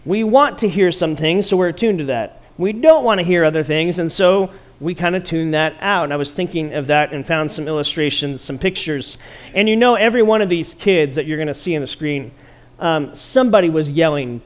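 Preaching at a moderate pace, a middle-aged pastor with a fairly high voice spins playful, lively stories and performs the quoted lines as characters.

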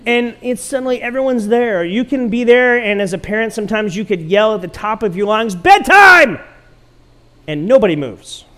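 A man's voice: high-pitched, brisk, few pauses. A middle-aged man preaching a sermon as pastor, telling stories playfully and acting out quotes. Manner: animated, playful storytelling with acted quotes.

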